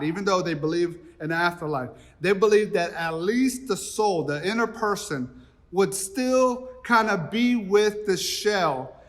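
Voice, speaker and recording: A man's voice: sits high, big-room sound. A man preaching a sermon as pastor, retelling the story in a casual, conversational way and acting out the dialogue. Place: church.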